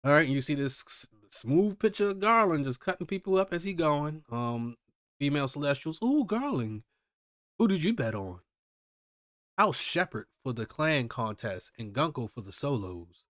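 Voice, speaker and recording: Animated man reacting live to a comic. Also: a little high, normal speed, dry recording, clean studio sound. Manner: animated, exclaiming, slangy commentary. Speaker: manga reaction host. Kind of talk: live manga reading and reaction.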